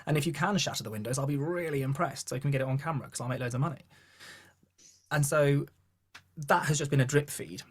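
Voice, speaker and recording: A man with a posh southern English accent talks through a podcast interview as a vocal coach and choir leader. His voice is husky and sits in a middle pitch. He tells stories with energy and slips into quick put-on voices when he quotes people. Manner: animated storyteller who acts out quoted voices. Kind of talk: podcast interview, relaxed storytelling.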